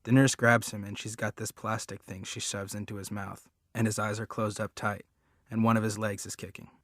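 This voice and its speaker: A man narrates a storybook in the first person, earnest and plain-spoken. His voice sits on the low side, and the recording is dry and close, with no room around it. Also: level tone, moderate pace, fairly bright tone, no echo. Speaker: audiobook reader.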